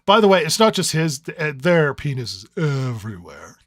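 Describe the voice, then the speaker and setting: A man's voice: fairly high pitch, big pitch swings, moderate pace, no echo, studio quality. A man co-hosting a podcast review in casual chat, rambling and riffing with lots of stammered restarts. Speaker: podcast co-host.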